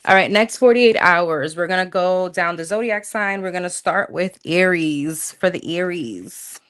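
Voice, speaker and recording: A woman's voice: fairly low pitch, a little slow, a bit bright. Chatty woman reading tarot live. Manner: chatty, slangy, thinks aloud while pulling cards. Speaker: tarot reader. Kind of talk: casual livestream tarot reading.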